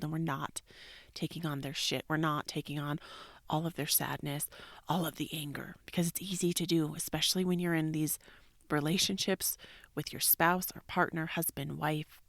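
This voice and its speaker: A woman in her thirties or forties hosting a podcast, talking candidly in a casual, reflective way and dropping into soft whispered asides. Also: sits low, creaky, no echo. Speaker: podcast host, yoga teacher.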